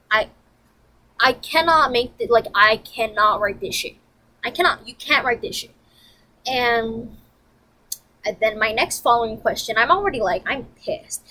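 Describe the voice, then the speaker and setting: A woman vlogger telling a story in a profane, animated, emphatic rant. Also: on the high side, low-quality recording.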